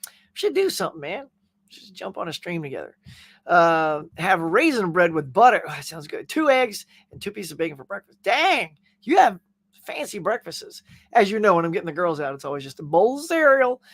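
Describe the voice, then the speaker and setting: A man's voice: sits high, normal speed, vocal fry, no echo. A man hosting a casual live stream, chatting and joking as he reads viewer comments. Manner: chatty, jokey, animated. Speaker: host.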